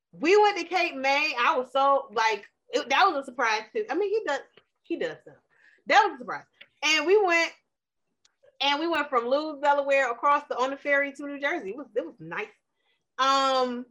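A woman co-hosting a casual podcast chat, telling animated stories with frequent laughs and playful wordplay. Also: high voice. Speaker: podcast co-host.

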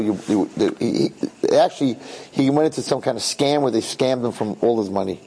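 A man's voice: on the low side, lively intonation, brisk, a little mellow, slightly rough, rough recording. A man telling a religious story in a sermon, in a conversational way that repeats phrases and asks the listeners questions.

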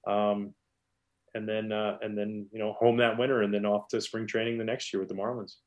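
Rambling storytelling former baseball pitcher. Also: male voice, brisk, lo-fi sound. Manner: animated, rambling with many restarts. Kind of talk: casual storytelling interview.

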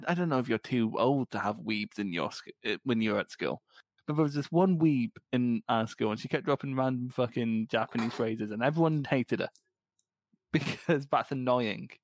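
A man's voice: medium pitch, dry recording. Sweary Scottish man ranting casually. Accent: Scottish, light. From Scotland. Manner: sweary, ranting, quick to laugh. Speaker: podcast co-host. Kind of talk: casual chat.

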